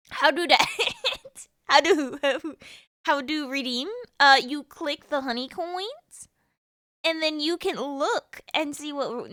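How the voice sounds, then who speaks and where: A young woman from the United States chats with her viewers during a game stream, chaotic and teasing, breaking into laughter often. Her voice sits high and rings bright and sharp. The sound is dry and close, with no room around it. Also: no room sound. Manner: chaotic, playful, laughs often, teases chat. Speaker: VTuber streamer. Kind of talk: casual live-stream chat with viewers.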